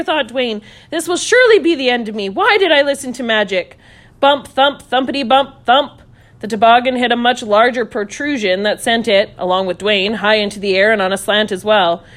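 A woman reading a children's story aloud, playful and animated, voicing sound effects as she goes. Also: mid-range voice.

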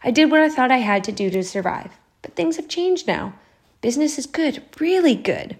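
A woman reading a storybook aloud, voicing a kind, earnest shopkeeper father who speaks gently. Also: high voice, sing-song, moderate pace, pitched above the performer's own voice. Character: kind, proud middle-aged shopkeeper father. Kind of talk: storybook narration.

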